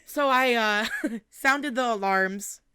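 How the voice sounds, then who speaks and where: A young woman co-hosting a podcast, telling a story in animated casual chat and swearing freely. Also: fairly high pitch, slow pace, clear, resonant tone. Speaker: podcast co-host.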